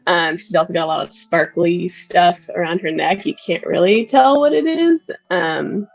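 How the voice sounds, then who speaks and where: A woman's voice: on the low side, moderate pace, dry recording, muffled recording, soft background music. A woman playing a tabletop game who describes her character in a casual, hesitant way full of fillers. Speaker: player.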